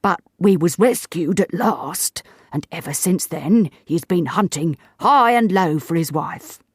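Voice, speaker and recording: A woman voicing a meek, wheedling working-class old sailor with rough grammar. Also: lowish voice, expressive, measured pace, darkish tone, dry recording, clean studio sound, voice pushed up. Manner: rough uneducated grammar, pleading.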